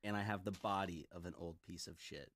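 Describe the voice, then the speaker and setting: A man's voice: low-pitched, a little fast, a bit bright. A man in his twenties chatting casually as a co-host, joking and laughing often. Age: 20s. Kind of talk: casual chat.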